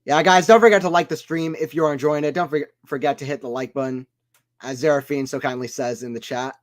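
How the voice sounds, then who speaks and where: A man with a slightly high voice calls a tennis match live for a stream audience. He keeps up a relaxed running commentary and chats with viewers in between. He turns loud and excited whenever a big shot lands. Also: quick pace. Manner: chatty, reads chat aloud between points. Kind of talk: casual play-by-play commentary.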